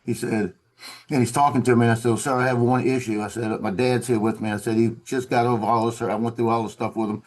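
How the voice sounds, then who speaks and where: A man talks over a video call. He tells a story in a relaxed, conversational way. He slips into the voices of the officers he quotes. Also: medium pitch, quick pace. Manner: animated, acts out quoted officers. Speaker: former Marine telling a story.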